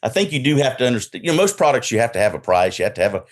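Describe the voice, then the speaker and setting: A man's voice: medium pitch, very animated, racing. A middle-aged man with a Southern US accent, a guest in a casual podcast interview on a video call, talking in a direct, confident way and telling stories. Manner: direct, confident, storytelling with quoted dialogue. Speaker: guest, enterprise salesperson.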